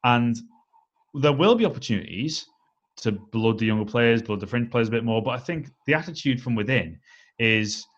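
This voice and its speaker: A man co-hosting a casual football chat, weighing his points in a steady, analytical way with frequent "I think" and "um". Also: mid-range voice, dull audio. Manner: measured, analytical, leans on "I think" and "um". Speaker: podcast co-host.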